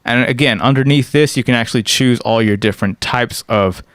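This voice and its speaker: A man's voice: mid-range voice, brisk, a bit bright, dry recording, studio quality. A man giving a casual screen-recorded music production tutorial. He explains step by step and often checks in with "right?".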